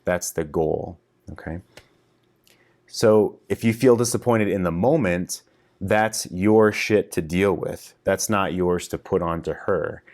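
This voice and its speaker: A man's voice: low-pitched, slow pace, a little mellow. A middle-aged man coaching husbands in a frank, casual video lesson, swearing freely as he explains. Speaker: relationship coach.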